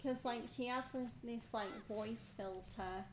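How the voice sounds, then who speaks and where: A woman's voice: fairly high pitch, unhurried. A woman chatting casually on a game stream, musing hesitantly with lots of fillers. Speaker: co-player on stream. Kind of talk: casual gameplay stream chat. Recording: echoey room with background noise.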